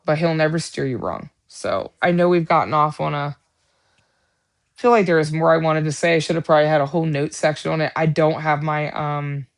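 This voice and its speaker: Middle-aged lady rambling on a church livestream, bit of vocal fry, lots of ums. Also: low-pitched, moderate pace. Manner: chatty, rambling, earnest faith talk with many fillers. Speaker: livestream Bible study host. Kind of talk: casual chat.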